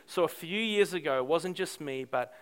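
A middle-aged man preaching a sermon, telling a story in an animated, self-deprecating way with frequent restarts. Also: fairly high pitch, moderate pace, clean tone. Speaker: pastor.

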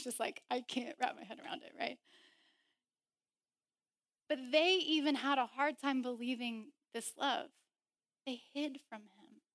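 High-voiced woman preaching. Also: dry recording, studio quality. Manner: animated, laughs often, acts out voices in quotes. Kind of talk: sermon.

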